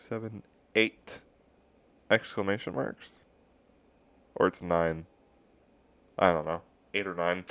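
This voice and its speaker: A man's voice: fairly low pitch, slight background noise. A young man reading a creepypasta aloud, reading out the punctuation and breaking in with sarcastic asides. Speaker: story reader. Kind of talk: casual creepypasta reading with commentary.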